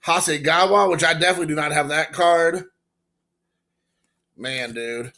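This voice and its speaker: Casual card vlogger, man in his forties from Indiana; gravelly, bright, gushing and rambling. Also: on the high side, normal speed. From Indiana, USA. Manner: excited, emotional, rambling with fillers. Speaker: baseball card collector vlogger. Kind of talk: casual card-opening vlog.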